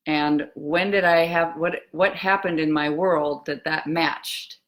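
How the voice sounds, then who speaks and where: Low-voiced woman, soft and musing. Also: steady tone. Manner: slow, soft and musing, with pauses and trailing phrases. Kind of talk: reflective live talk on eating and emotions.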